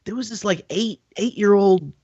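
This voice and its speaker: A man co-hosting a podcast, telling a story with animated voices and laughter. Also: sits high, normal speed, husky, dry recording, muffled recording. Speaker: podcast co-host. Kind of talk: casual storytelling chat.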